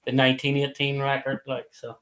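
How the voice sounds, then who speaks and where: A man's voice: medium pitch, monotone, fairly quick, fairly bright tone, poor audio. A man hosting a casual livestream chat, rambling between topics and swearing casually. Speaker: livestream host.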